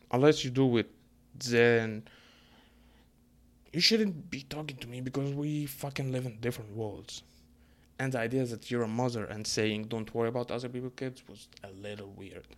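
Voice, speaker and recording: A young man tells a story as an animated, profane rant. His pitch sits in the middle, and he keeps breaking off in exasperation as he argues his point. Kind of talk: casual ranting monologue.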